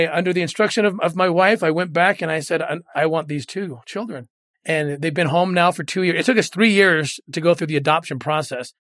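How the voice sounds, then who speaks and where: Middle-aged guy, kinda high voice, earnest and emotional, dry close mic. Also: fairly bright tone, dry recording. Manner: earnest, emotional, repeats words when moved. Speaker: guest. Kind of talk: storytelling in a podcast interview.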